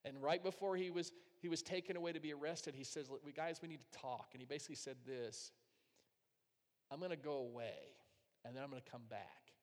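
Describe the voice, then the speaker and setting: Guy preaching, kinda high voice, big reverby hall, goes loud then real soft. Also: brisk. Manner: storytelling, swinging from loud to hushed. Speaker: pastor. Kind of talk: sermon.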